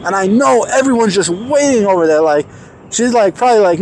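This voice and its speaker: A man telling a personal story in an animated, emphatic way, acting out the dialogue. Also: high-pitched, brisk, a little hiss or hum. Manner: excited, emphatic, acts out quoted dialogue.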